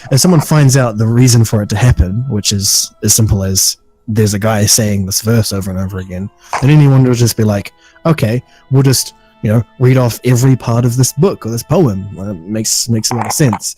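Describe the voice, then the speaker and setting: A man co-hosting a podcast in casual chat, calmly reasoning through plot logic. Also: on the low side, normal speed, faint music behind, rough recording. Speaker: podcast co-host.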